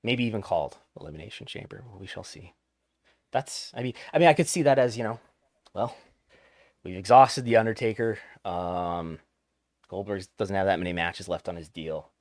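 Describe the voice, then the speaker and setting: A man's voice: low voice, moderate pace, dry recording, studio quality. A man hosting a podcast, chatting casually about the news with wry, joking asides. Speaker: podcast host.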